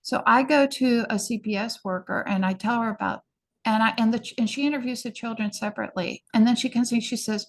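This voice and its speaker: A middle-aged woman, a podcast guest, telling her personal story in an earnest, hurried way and often restarting sentences. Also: on the high side.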